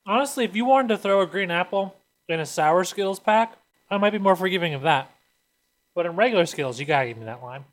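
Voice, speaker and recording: A man with a voice a bit above the usual pitch talks through a snack tasting in a chatty, detailed way. He sounds amused and relaxed, with easy laughs. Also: fast talker. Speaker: co-host. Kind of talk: casual podcast snack review.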